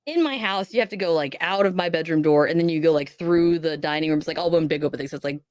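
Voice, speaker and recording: A woman's voice: low-pitched, fast, darkish tone, no echo, studio quality. A woman on a podcast telling a personal ghost story, acting out the voices she quotes. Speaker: podcast guest.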